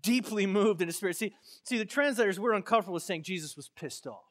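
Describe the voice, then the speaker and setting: Preaching with passion, a male pastor from Florida alternates between hushed, low lines and loud eruptions. Later he relates a personal story in a casual way packed with fillers, talking fast and animatedly.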